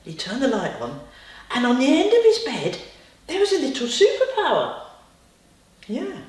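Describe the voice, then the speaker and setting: A woman telling a bedtime story to a child, with chatty, lively asides. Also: high voice, normal speed. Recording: roomy, distant.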